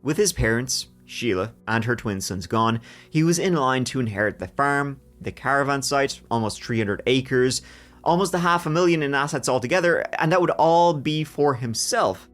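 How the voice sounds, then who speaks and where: A man hosting a true crime podcast, telling the story in a lively way with jokes along the way. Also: mid-range voice, moderate pace, faint music behind. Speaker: podcast host.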